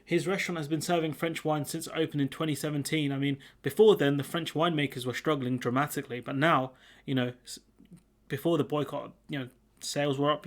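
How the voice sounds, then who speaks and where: A young man comments on the news in a loose, chatty way, mocking and sarcastic as he goes. His voice sits a little higher than most men's. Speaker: commentary channel host. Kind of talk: casual reaction commentary.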